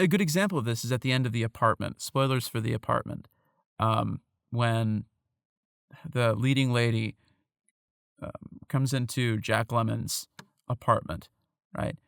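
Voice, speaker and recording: Brief: male co-host, gravelly tone, dry close sound, explains eagerly. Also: medium pitch, pushed and bright, dry recording. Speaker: podcast co-host. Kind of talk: casual film discussion.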